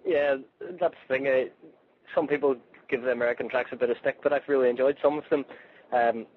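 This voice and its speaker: A man's voice: mid-range voice, steady tone, brisk, no room sound. A man with a Northern Irish accent, a motorcycle racer speaking as a guest over the phone, chatty and full of restarts. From Northern Ireland. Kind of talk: phone interview. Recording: tinny phone line with faint noise.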